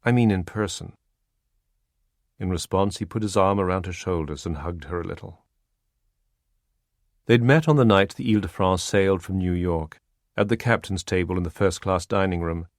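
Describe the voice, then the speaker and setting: Low-voiced man narrating a spy novel. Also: normal speed, dry recording. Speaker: audiobook narrator. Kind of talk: scripted narration. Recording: dry close studio sound.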